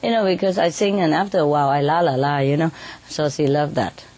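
Woman with a slightly low voice telling stories about her birds, chatty and quick to laugh. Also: darkish tone. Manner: chatty, laughs often, many "you know" tags. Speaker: bird keeper telling stories. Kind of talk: casual storytelling in an interview.

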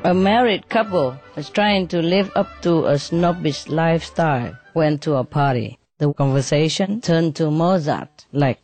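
A woman's voice: low voice, measured pace, few pauses, darkish tone, soft background music. A woman telling a comic story, acting out the characters' voices and laughing along. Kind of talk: telling a joke with acted voices.

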